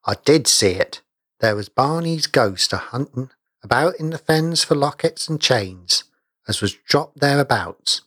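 A man's voice: medium pitch, lively intonation, unhurried, a bit bright, slightly rough, dry recording, studio quality, voice pushed up. A man voicing an old village cobbler, who insists in rustic dialect speech that he saw a ghost. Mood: insistent.

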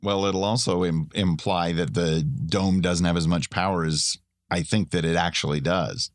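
A man with a fairly low voice, chatting enthusiastically about a TV episode and often laughing along. His voice is recorded close and dry, with no room sound. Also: steady tone, normal speed, no echo. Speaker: podcast co-host. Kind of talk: casual TV recap chat.

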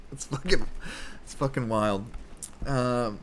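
Speaking slowly at a medium pitch, a man from Canada hosts a comedy podcast where he rambles through Bible commentary. He curses freely and keeps breaking off to restart his thoughts. Slight background noise can be heard.

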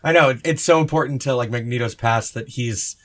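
A man in casual podcast talk about films, offering relaxed, matter-of-fact opinions. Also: medium pitch, brisk. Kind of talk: casual film discussion.

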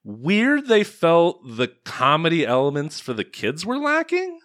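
Male podcast co-host, sarcastic, laughs a lot, animated delivery, dry close sound. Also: on the high side, unhurried, no echo. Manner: sarcastic, laughs often, trails off quietly. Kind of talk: casual film-review chat.

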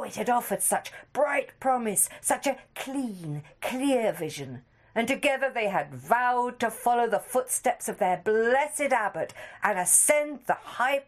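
Expressive woman telling a story. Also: medium pitch. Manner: measured, expressive storytelling with soft dips. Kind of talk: scripted story narration.

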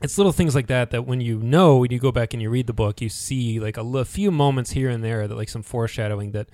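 A man co-hosting a podcast in a casual chat, animated and acting out characters' lines as he recaps. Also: mid-range voice, fast talker, dry recording. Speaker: podcast co-host.

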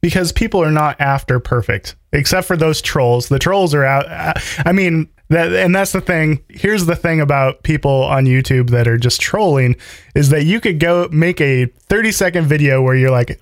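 Male podcast host, animated, laughs easily, dry close mic. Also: fairly high pitch, normal speed, no echo. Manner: animated, laughs easily, acts out quoted voices. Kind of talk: podcast conversation.

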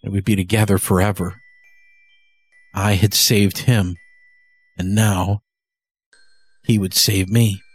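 A man reading a horror story aloud in first person, measured and often slowing down for tension. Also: little pitch movement, breathy edge, soft background music. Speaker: narrator. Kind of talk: scripted horror story narration. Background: faint cello and double bass score.

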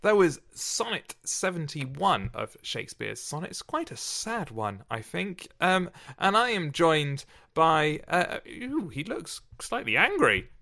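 A man's voice: fairly high pitch, big pitch swings, gravelly, sharp tone. An English man who hosts a podcast, reading a sonnet aloud and then bantering playfully with a guest. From Britain. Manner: playful, teasing, quick asides. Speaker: podcast host and reader.

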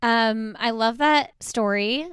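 A woman hosts a podcast with a slightly high, smooth and clear voice. She chats casually, often agreeing with her guest and adding her own relatable asides. The sound is dry and close. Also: takes it slowly, dry recording. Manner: warm agreeing backchannels, relatable personal asides. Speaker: podcast host. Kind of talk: casual interview chat.

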